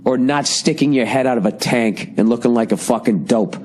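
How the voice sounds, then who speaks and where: An American man hosts a casual podcast monologue, ranting with sarcasm and profanity, his voice a little strained and cracking. It's medium-pitched, a bit mellow, and brisk. There's slight hiss or hum.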